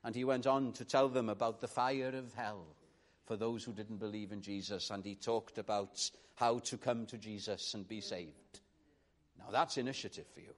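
A man preaching a sermon in an earnest manner, rising to emphatic calls and dropping to quiet reflection. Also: on the low side, fairly even intonation, normal speed.

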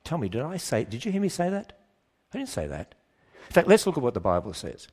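A man delivering an emphatic talk to a church audience. He keeps asking the listeners pointed questions and plays out both sides of imagined exchanges. His voice sits at an ordinary middle pitch. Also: wildly swooping pitch, darkish tone, breathy edge. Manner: acts out quoted voices in quick back-and-forth. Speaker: speaker.

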